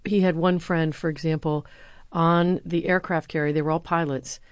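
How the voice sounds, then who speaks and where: Low-voiced woman telling stories. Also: moderate pace, clean tone, dry recording. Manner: earnest, animated when quoting others. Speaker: former presidential speechwriter; university lecturer. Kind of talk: interview answers, storytelling.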